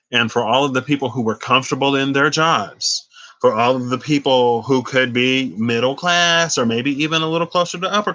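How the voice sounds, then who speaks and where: Man, tarot reader, emphatic, slangy, conversational, bright forceful voice. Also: mid-range voice, poor audio. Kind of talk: spiritual tarot talk.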